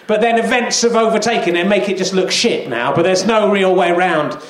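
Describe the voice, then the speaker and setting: High-voiced man hosting a live comedy show. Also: a little fast. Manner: rambling, self-mocking anecdotes with a laughing delivery. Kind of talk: live stand-up and sketch hosting. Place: live venue with audience. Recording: echoey live venue with audience.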